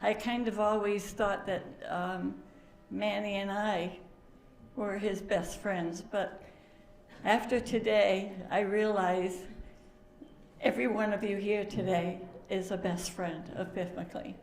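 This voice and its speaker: An older woman giving an emotional memorial speech, halting, with fillers and laughter through tears. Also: mid-range voice, fairly even intonation, darkish tone, roomy sound, a little hiss or hum. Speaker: family friend giving a eulogy.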